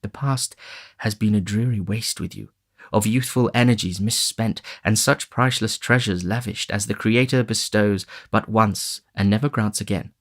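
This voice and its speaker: A man voicing a kindly, earnest old gentleman in an audiobook, measured and solemn. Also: fairly low pitch, natural voice.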